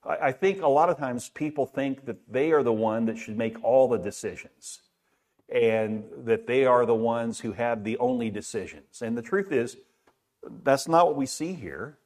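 A man's voice: medium pitch, moderate pace, darkish tone. A middle-aged man preaching a sermon in a conversational way, asking rhetorical questions and often repeating words. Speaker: pastor.

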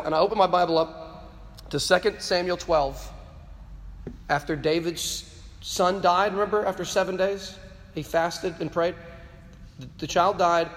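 Male speaker, high voice, fervent preaching delivery, stammering repeats for emphasis, long hall echo; addressing students. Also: a bit bright. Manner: impassioned, repeats words when stressing a point. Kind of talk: preaching-style talk to a live audience.

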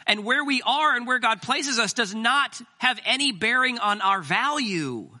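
Bright-voiced joking male pastor. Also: very high voice, animated, unhurried. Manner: conversational, joking, self-deprecating. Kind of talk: sermon.

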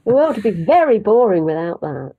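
Casting: woman storyteller, wry and lively, conversational, prone to tangents. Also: mid-range voice, a little fast, slightly rough, phone-quality sound. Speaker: storyteller guest. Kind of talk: conversational interview.

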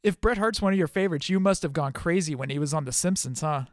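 A man's voice: fairly high pitch, fast, dry recording, clean studio sound. A man hosting a podcast, chatty and asking questions, laughing often. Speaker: podcast host. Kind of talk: casual chat.

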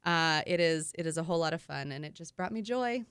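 A woman's voice: low voice, expressive, brisk, a bit bright, clear, resonant tone, dry recording. A woman hosting a radio show in a studio, chatting casually about books and laughing often. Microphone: studio microphone.

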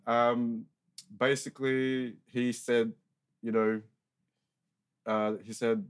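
A man's voice: mid-range voice, flat delivery, takes it slowly, clear, resonant tone. A young Australian man chatting casually, rambling with lots of filler words and swearing freely. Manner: rambling, profane, heavy use of filler words. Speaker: guest sharing life story. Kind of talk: casual chat.

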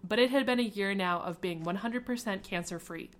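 A woman casually reading a story aloud on a podcast. Her voice sits at an ordinary middle pitch. She laughs often and breaks off to make asides between the narrated passages. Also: fairly quick. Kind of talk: casual read-aloud of fan fiction.

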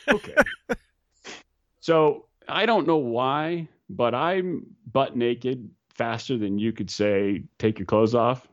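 A man casually telling skydiving stories, animated and swearing, often restarting and mimicking other people. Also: mid-range voice, extremely slow. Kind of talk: casual storytelling.

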